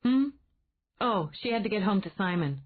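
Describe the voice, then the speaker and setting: A woman voicing an outspoken, flustered young woman who talks in quick, exclamatory bursts. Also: medium pitch, lightly acted. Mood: animated. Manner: exclamatory, animated. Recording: tinny phone-like band.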